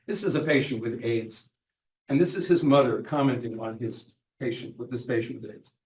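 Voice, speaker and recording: A man's voice: mid-range voice, normal speed, a little mellow. Middle-aged man lecturing in an echoey hall. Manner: earnest, retells patients' words in their voices. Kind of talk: lecture with quoted patient stories. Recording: echoey hall, mic at a distance, faint noise.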